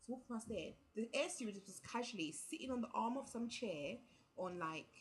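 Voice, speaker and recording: A woman's voice: fairly high pitch, lively intonation, fairly quick, poor audio. A young woman, telling a travel story casually to camera and filling it with "like" and quoted dialogue. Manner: chatty, full of "like" and quoted dialogue. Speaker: vlogger.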